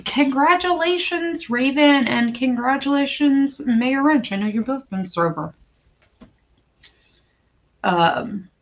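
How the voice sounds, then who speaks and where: A woman in her thirties chats loosely on a livestream, her voice carrying a gravelly fry. She rambles, trips over her own restarts and keeps calling out viewers by name. The audio is dull and lo-fi. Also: a little high. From western Pennsylvania, USA. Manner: rambling and chatty, greets chat viewers by name; frequent stammered restarts and filler words. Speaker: firearms livestream host. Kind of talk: casual livestream chat.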